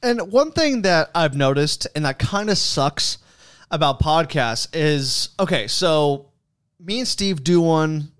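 A young man hosting a podcast, talking in a casual, rambling, profane way and telling animated stories. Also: on the high side, takes it slowly, smooth. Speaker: podcast host. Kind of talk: casual chat.

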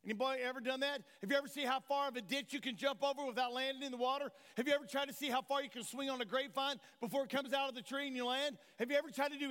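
In a church sanctuary, a male pastor from Tennessee, USA, delivers a fervent sermon in a strikingly high, slightly bright voice, pulling his congregation in with question after question. The sound echoes with a long church-hall reverb.

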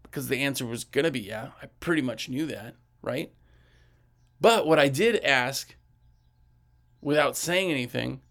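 A man's voice: fairly high pitch, lively intonation, normal speed, fairly bright tone. A man giving a casual talk on selling window cleaning, acting out sales dialogue and often checking in with "right?". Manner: conversational, acts out sales dialogue, frequent "right?". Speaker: window cleaning business trainer.

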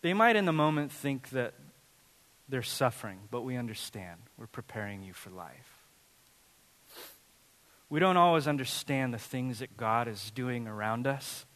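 A man in his thirties preaching a sermon as pastor, telling funny, animated family stories. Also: medium pitch, measured pace, pauses often, big-room sound. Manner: animated, humorous storytelling. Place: church sanctuary.

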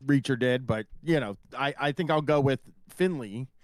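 Dude cohosting a recap podcast, blunt, swears a bunch, dry close mic. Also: male voice, mid-range voice, normal speed, dry recording. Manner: blunt, profane, joking. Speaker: podcast co-host. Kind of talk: casual TV recap chat.

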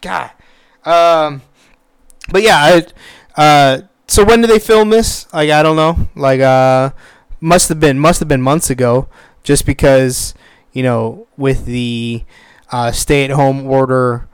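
A man's voice: mid-range voice, fairly even intonation, takes it slowly, clear, resonant tone, no echo. A man talking casually about a TV show in a rambling rant, with many fillers and a lot of swearing when he gets worked up. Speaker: commentator on a TV show.

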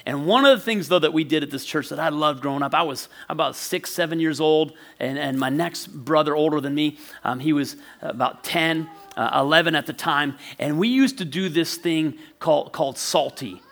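A man in his forties preaching a sermon as pastor, telling a childhood story in a lively way and laughing often. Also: a little high, moderate pace, hardly any pauses. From northwestern Pennsylvania.

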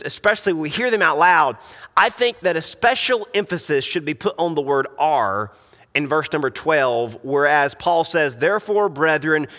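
A man's voice: fairly high pitch, pushed and bright, long reverb tail. A man preaching a sermon in an earnest, emphatic way, often restarting his sentences. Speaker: pastor.

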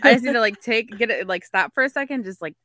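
A young woman co-hosting a podcast, talking in a halting, casual way with many restarts. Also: a little high, lively intonation, bright, forceful tone, dry recording, clean studio sound. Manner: halting, lots of fillers and restarts. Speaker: podcast co-host. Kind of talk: casual chat.

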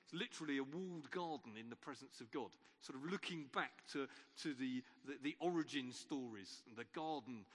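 A man's voice: medium pitch, a little fast, few pauses, husky. A man preacher giving an Easter sermon in an informal storytelling way, with wry asides. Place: church. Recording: long reverb of a church.

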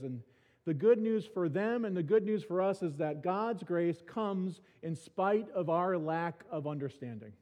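In a church sanctuary, a male pastor preaches a sermon casually, using dry, self-mocking humor and often restarting his words. His voice is high-pitched and warm, and the recording has the dull sound of a reverberant church hall.

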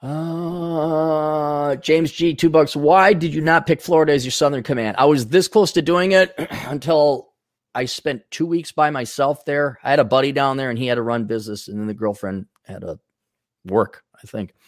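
A man's voice: fairly high pitch, measured pace, no echo, studio quality. A man hosting a podcast, ranting with profanity and sarcasm and reading out viewer donations. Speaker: podcast host.

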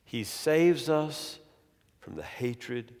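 A male preacher delivering a sermon slowly and emphatically, repeating key phrases for weight. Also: mid-range voice, lively intonation, darkish tone. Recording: long hall reverb.

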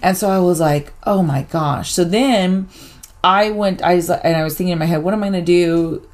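A middle-aged woman co-hosting a podcast, telling a personal story in a casual, animated way and acting out the back-and-forth. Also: on the low side, moderate pace. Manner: animated storyteller, acts out quoted exchanges. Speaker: podcast co-host.

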